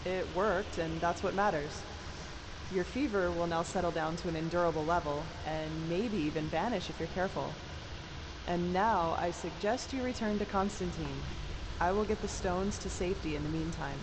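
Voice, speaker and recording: An actress voicing a calm, soft-spoken female mage healer in a fantasy game. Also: lowish voice, noisy background, lightly acted. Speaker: game character.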